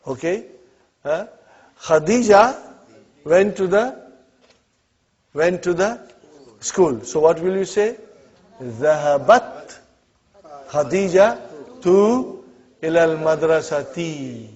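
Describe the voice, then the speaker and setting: With a slightly high, a little mellow and slightly rough voice, a man conducts an Arabic lesson, speaking a little slowly with long pauses and lively intonation. He guides students through example sentences, patient and encouraging, often checking with "huh?" and "okay?". The audio is a dull lo-fi classroom recording.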